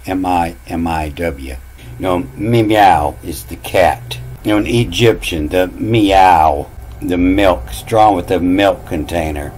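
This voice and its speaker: A man's voice: low-pitched, a little mellow, slight background noise, low-quality recording. A man talking through word meanings in a casual monologue, musing aloud, repeating phrases and spelling words out letter by letter. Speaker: channel host.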